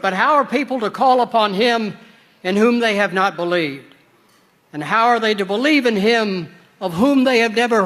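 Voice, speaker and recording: Older guy from southern illinois giving a talk, kinda high crisp voice, big echoey hall. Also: sharp tone. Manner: storytelling, measured, wry asides. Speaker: retired pastor speaker. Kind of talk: formal conference address with humor. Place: large conference hall. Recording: long reverb of a large conference hall.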